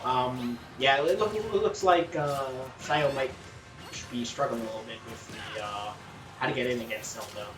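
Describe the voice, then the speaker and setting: A man's voice: medium pitch, normal speed. Canadian man, casual esports commentator, roomy sound, mic a bit far off, game music behind. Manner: chatty, lots of ums and uhs. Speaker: tournament commentator. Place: campus gaming tournament room.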